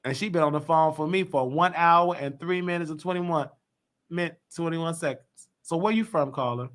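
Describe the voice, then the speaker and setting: Hosting a call-in live stream of his own YouTube talk show, a man with a slightly high voice speaks at a moderate pace. He tells loose, slangy stories and animatedly imitates the people he quotes.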